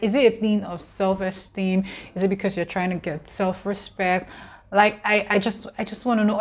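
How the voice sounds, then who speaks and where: A young Nigerian woman talks straight to camera in her Nigerian accent, earnest and questioning. Her voice sits at an ordinary middle pitch, and she fills pauses with ums as she builds her point. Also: a little mellow. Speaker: vlogger. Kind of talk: casual talk to camera.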